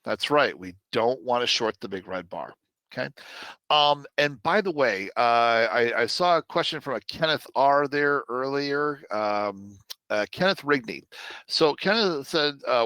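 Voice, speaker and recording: A man teaching trading on a live webinar in a loose, chatty way, full of fillers and quick asides to his viewers. His voice is bright and forward, and the sound is dry and close with no room around it. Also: medium pitch, animated, clean tone, no room sound.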